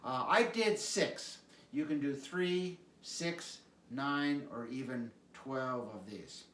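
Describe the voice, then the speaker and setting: Slow-talking man guiding qigong in echoey room. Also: mid-range voice. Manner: calm, unhurried cueing with repeated prompts. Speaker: qigong instructor. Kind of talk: guided exercise instruction. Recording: echoey room, mic at a distance.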